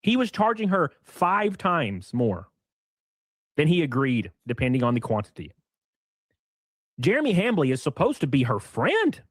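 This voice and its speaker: A man's voice: fairly high pitch, huge pitch swings, measured pace, long pauses, no room sound. A man co-hosting a casual commentary stream, chatty and reacting to the chat.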